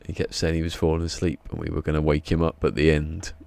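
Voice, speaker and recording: A man's voice: a bass voice, flat delivery, brisk, creaky, darkish tone, dry recording, soft background music. A man with an English accent chatting casually on a live stream, rambling and chuckling as he reads the chat, a little drowsy. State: a bit drowsy.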